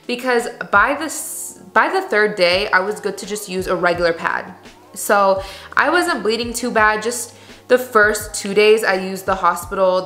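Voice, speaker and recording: Chatty young woman vlogger, bright voice. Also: medium pitch. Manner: chatty, candid, lots of "like" and "you guys". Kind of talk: casual chat to camera. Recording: echoey room.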